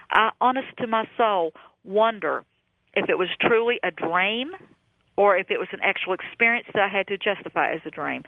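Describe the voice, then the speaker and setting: A woman's voice: medium pitch, no echo. Woman with a drawl on a tinny phone line. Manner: animated storyteller, earnest and folksy. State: losing her voice. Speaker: psychic guest. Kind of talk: phone-in radio interview.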